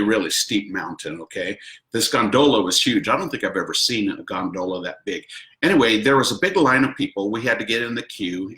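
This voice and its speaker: A man's voice: on the low side, bright, forceful tone, reverberant. A man hosting a video, telling a personal story casually and animatedly, acting out quotes and laughing often. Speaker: host.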